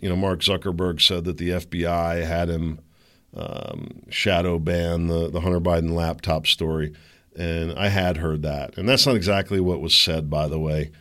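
A man's voice: deep voice, fairly even intonation, unhurried, a bit bright. A middle-aged man hosting a solo podcast, rambling and opinionated, with sarcastic asides. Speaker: podcast host.

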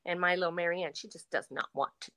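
Bright-voiced woman talking as a guest. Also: fairly low pitch, fairly even intonation, quick pace. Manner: reflective, repeats words, frequent restarts. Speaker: guest performer. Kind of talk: casual interview chat.

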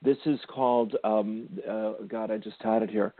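A man's voice: on the low side, fairly even intonation, moderate pace, no echo. Male spiritual radio host, soothing and affectionate, tinny phone-line audio, dry sound. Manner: soothing, affectionate, calls caller sweetie and darling. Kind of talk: gentle spiritual counseling chat.

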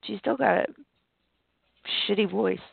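A woman's voice: medium pitch, measured pace, creaky, husky, dry recording. A woman with a cold, chatting casually and giggling often. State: sick with a cold. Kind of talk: casual chat. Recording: tinny phone-like line, dry.

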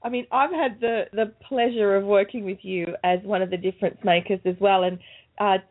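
A woman's voice: mid-range voice, fairly even intonation, fairly quick. A woman hosting an interview, asking long questions and praising her guest. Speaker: host. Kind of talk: casual interview chat. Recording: tinny phone line.

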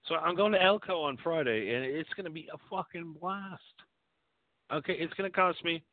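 A man's voice: fairly high pitch, moderate pace, no room sound, phone-quality sound. A man hosting a call-in show, talking crudely and rambling. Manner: profane, rambling and animated. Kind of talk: crude casual call-in talk.

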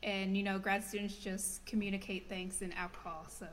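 A young woman in her twenties, a guest on a casual podcast, easygoing and relaxed. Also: mid-range voice, normal speed, in a large hall, crowd noise.

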